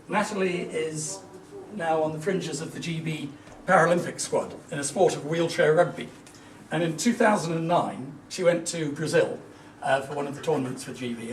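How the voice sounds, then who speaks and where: A man's voice: fairly high pitch, moderate pace, a little hiss or hum. A middle-aged man giving a motivational business talk, telling stories in an emphatic, earnest way. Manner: anecdotal storytelling, emphatic and earnest. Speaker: business speaker. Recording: echoey room, voice from a distance, faint ambience.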